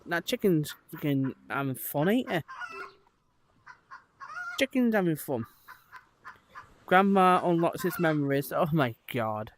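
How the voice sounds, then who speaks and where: A man hosting a laid-back live stream in a VR headset, talking in a fairly high voice. He rambles along with many fillers and asides to his chat. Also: animated, unhurried, long pauses, slight background noise. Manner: rambling, chatty, frequent fillers and laughs.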